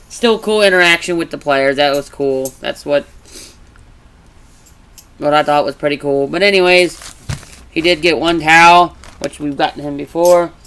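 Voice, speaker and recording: Man, casual vlog chat, rambling, bright voice, smooth clear tone. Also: fairly high pitch, moderate pace. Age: adult. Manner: rambling, restarts, animated when retelling. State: congested from allergies. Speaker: vlogger.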